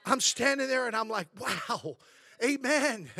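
High-voiced bright storytelling preacher. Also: male voice, lively intonation, unhurried, no echo, studio quality. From Southern California. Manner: storytelling preacher, rising to shouts; frequent amens and praise interjections. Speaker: pastor. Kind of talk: sermon.

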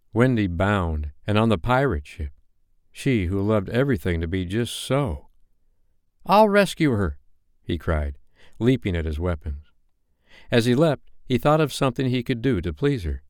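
A man reading a classic novel aloud as a bedtime story, with expressive, dramatic delivery. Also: low-pitched, dry recording, studio quality.

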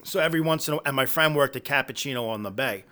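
A man from New York with a thick New York accent, telling stories in casual chat, profane and animated. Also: medium pitch, fast. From New York, Brooklyn. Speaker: podcast guest, artist.

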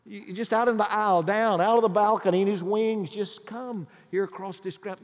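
A middle-aged pastor giving a pleading altar call and prayer in a large church, swinging between loud urges and hushed appeals. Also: male voice, high voice, fairly even intonation, normal speed, few pauses. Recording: long hall reverb.

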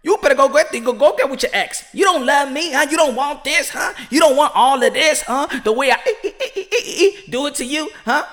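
A shrieking furious wife. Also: male voice, lively intonation, fairly quick, hardly any pauses, full character voice. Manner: shrill, crying and shouting, laughing through it. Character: furious shrieking wife, scolding her man.

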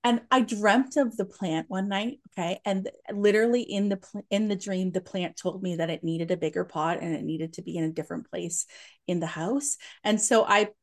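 A young adult woman chats as a podcast guest, eager and animated as she tells her stories. She talks in bursts, full of "um" and "like", restarting her sentences, at a medium pitch for a woman. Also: moderate pace. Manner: enthusiastic storyteller, many fillers and restarts. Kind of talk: casual chat.

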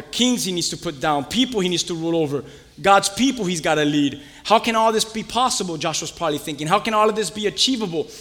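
A man preaching a sermon as pastor, animated and conversational, questioning his congregation. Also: on the high side, long reverb tail. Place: church.

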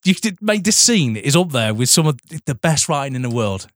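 A man riffs on a film with his co-host at a rapid clip, swearing and laughing between jokes. His voice swoops up and down with lots of life. The sound is close and dry. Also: mid-range voice, sing-song, no room sound. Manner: swears freely, laughs often, quick mocking quips. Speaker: podcast co-host. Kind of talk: casual film review chat.

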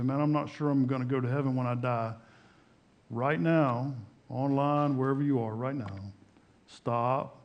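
A male pastor preaching in a church sanctuary. His delivery swings from raised, loud emphasis down to soft, low passages, with emphatic repetition and rhetorical questions. His pitch sits in an ordinary middle range for a man. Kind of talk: sermon.

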